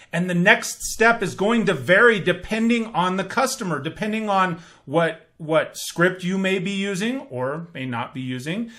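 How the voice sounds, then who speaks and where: A man hosting a sales training podcast, coaching listeners in an energetic, demonstrative way. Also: high-pitched. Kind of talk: instructional podcast monologue.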